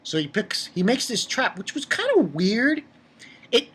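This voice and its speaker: Speaking a little slowly in a slightly rough voice, a man offers a casual, wandering review of a manga chapter. His excitement shows as his pitch shoots up whenever he gets carried away.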